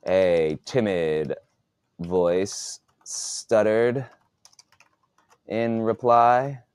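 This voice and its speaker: Casting: low-voiced male author, halting dictation, dry close sound. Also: fairly even intonation, a little mellow, clean tone, no room sound. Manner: halting, repeats words while composing. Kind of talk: dictating a novel draft aloud.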